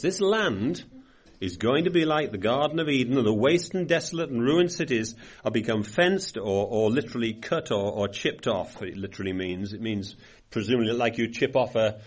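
An older man giving a Bible study sermon, reading scripture aloud with rising emphasis and then commenting in a loose, conversational way with restarts. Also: medium pitch. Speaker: preacher.

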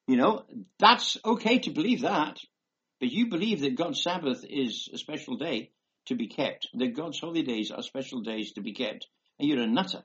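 A man's voice: mid-range voice, lively intonation, normal speed, a bit bright, husky. A man giving a rambling, emphatic conversational sermon, reading scripture aloud between asides. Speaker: preacher. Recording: dull lo-fi recording.

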